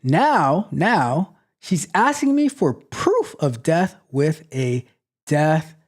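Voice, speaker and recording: Animated man hosting a tech advice show. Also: fairly high pitch, extremely slow. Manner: animated, repeats phrases, mock-scolding. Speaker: host.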